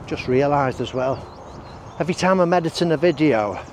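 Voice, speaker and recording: Walking vlogger, man, slightly high voice, audible heavy breathing, outdoor noise under him. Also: expressive, moderate pace. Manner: chatty, rambling, self-deprecating asides. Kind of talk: casual walk-and-talk narration. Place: outdoors on roads and country paths.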